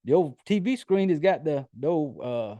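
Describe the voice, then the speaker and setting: A man's voice: a little high, animated, normal speed, warm tone, dry recording, dull audio. Casual, profane man recapping a film. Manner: loose, profane storytelling with many fillers. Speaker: podcast host. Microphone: home computer setup.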